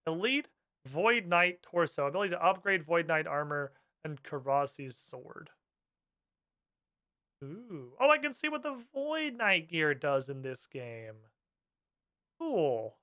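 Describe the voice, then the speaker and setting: Brief: fired-up male streamer, high bright voice, swears freely, game music in the background. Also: slow pace. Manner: animated, profane, ranting. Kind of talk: casual live-stream commentary.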